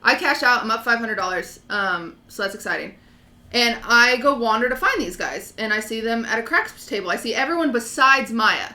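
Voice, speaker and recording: Bright-voiced woman streamer telling a story. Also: a little high, moderate pace, echoey room. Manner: animated, acts out quotes. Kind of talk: casual storytelling chat.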